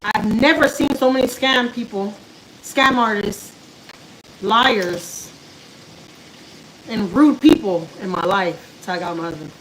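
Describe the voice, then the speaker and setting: A woman's voice: mid-range voice, unhurried, long pauses, background noise. A woman chats casually with viewers on a live stream while she cooks at home, talking to her pet and answering comments. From Houston, Texas. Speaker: vlogger doing a live stream. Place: home kitchen.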